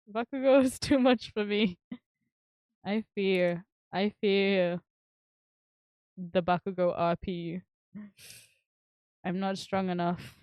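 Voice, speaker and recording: A woman's voice: medium pitch, a little mellow, smooth, no room sound, studio quality. A woman streamer chatting casually and giggling while she builds, swearing now and then and filling her talk with fillers.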